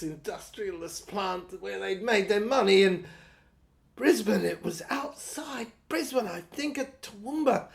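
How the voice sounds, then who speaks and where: A woman reading a first-person audio novel in a dreamy, wandering, halting way. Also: fairly high pitch, creaky. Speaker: narrator.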